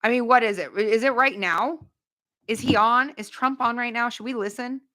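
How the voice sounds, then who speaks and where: A woman hosting a casual livestream, chatting bluntly with viewers, with quick asides and no filter. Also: fairly high pitch, bright, forceful tone. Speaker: livestream host.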